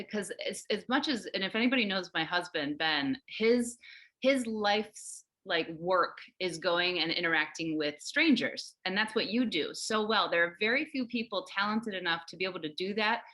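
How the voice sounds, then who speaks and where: A woman's voice: fairly low pitch, bright, forceful tone. A woman guest on a casual podcast over a remote call, chatty and playful, laughing often. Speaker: guest, meteorologist.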